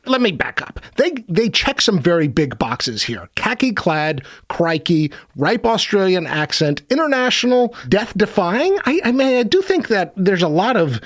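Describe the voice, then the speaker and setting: A man hosting a podcast in casual chat, excitable and quick to laugh. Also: sits high, no echo, studio quality. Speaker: podcast host.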